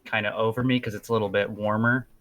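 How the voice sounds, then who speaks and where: A man's voice: on the low side, flat delivery, fast talker, a bit bright. A man in a tabletop game describing his character in a rambling, easygoing way. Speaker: player. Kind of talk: casual chat.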